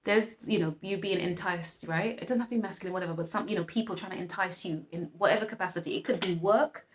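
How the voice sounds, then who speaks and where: A woman's voice: lowish voice, fast. Chatty woman doing a tarot reading, laughs a lot, calls everyone babes, rambly and playful. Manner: chatty and playful, laughing often, calling viewers babes and darling; rambling with frequent restarts. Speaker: tarot reader. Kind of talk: casual tarot reading monologue.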